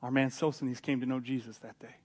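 Husky-voiced pastor preaching animatedly. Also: male voice, mid-range voice, fairly quick. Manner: animated storytelling, voicing characters, swinging from loud to hushed. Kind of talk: sermon.

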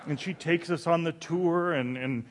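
A male pastor giving a sermon, telling a story animatedly and laughing at himself. His voice sits a bit high for a man, and he stumbles and restarts his words as he goes. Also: a little slow, slight background noise. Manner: animated, stammering restarts, self-mocking.

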